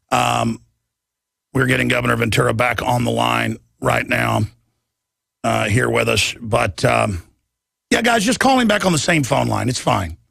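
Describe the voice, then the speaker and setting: Gravelly, emphatic radio host man. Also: medium pitch, dry recording, clean studio sound. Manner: rambling, emphatic, excitable. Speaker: radio talk show host. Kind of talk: talk radio interview.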